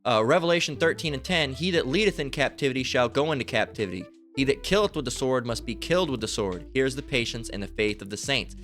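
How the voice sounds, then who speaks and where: A man's voice: mid-range voice, expressive, fast, few pauses, faint music behind. Profane, fiery male preacher. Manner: loud, emphatic and profane, with frequent "all right?" asides. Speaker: street-style preacher. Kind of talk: profane, fiery sermon with scripture reading.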